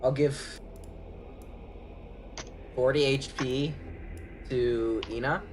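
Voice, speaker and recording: A man's voice: medium pitch, steady tone, extremely slow, noisy background. Flustered man fumbling for words. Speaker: player. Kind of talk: casual tabletop play.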